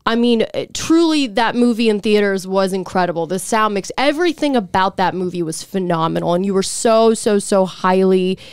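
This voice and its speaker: Give me a rambling, animated woman podcast host. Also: medium pitch, normal speed, hardly any pauses, clear, resonant tone, dry recording, studio quality. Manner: rambling, animated, swears freely. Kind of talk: casual podcast chat.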